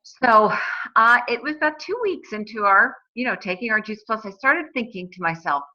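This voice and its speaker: A woman's voice: on the high side, lively intonation, moderate pace, bright, forceful tone. A woman in her forties, telling her own story in a chatty way, with many fillers and restarts. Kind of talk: casual personal testimonial. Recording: dull lo-fi recording.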